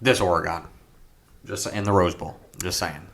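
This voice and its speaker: Low-voiced man rambling about sports. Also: steady tone, normal speed, fairly bright tone. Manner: rambling, hesitant, many ums. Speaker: podcast co-host. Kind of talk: casual sports chat.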